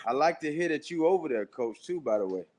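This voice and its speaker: A man's voice: a little high, lively intonation, quick pace, a little mellow. A man, a guest chatting relaxedly in an interview, often adding "you know what I'm saying.". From Pensacola, Florida. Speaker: guest, former pro baseball player. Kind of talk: casual interview.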